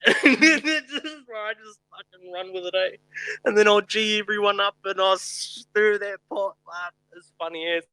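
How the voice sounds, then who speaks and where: Bright-voiced, laughing kiwi bloke. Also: male voice, high-pitched, unhurried, clear, resonant tone, no echo, low-quality recording. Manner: swearing, laughing storyteller, calls people bro. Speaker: podcast co-host. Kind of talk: casual chat, storytelling.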